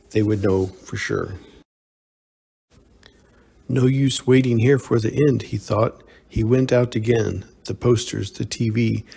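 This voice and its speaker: A man narrating a science fiction short story in a measured, steady reading. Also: lowish voice, creaky, husky.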